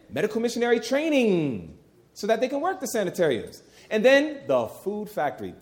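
A man's voice: high-pitched, wildly swooping pitch, normal speed. A middle-aged man preaching a sermon, emphatic and folksy, repeating key phrases and talking to the crowd as "y'all".

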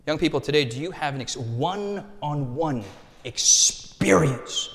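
A young American man preaching a sermon with animated rhetorical contrasts and call-and-response. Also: a little high, measured pace. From United States. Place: church hall. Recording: reverberant hall.

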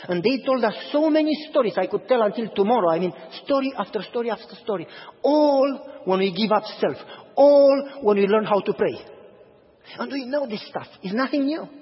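A man preaching a sermon as pastor, telling stories in an animated way and acting out the dialogue. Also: sits high. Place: church sanctuary. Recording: reverberant hall, slightly dull sound.

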